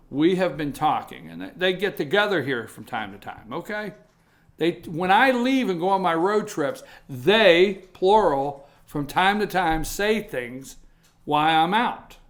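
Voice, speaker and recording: A man hosting a morning talk show, telling rambling, self-deprecating stories in a casual, animated way. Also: fairly high pitch.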